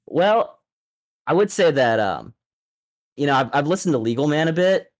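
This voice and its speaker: A man calling in to a live show as a prosecutor, speaking in a measured, hesitant way with fillers. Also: a little high, expressive, no room sound, studio quality. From Texas. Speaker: caller, prosecutor. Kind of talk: casual call-in chat.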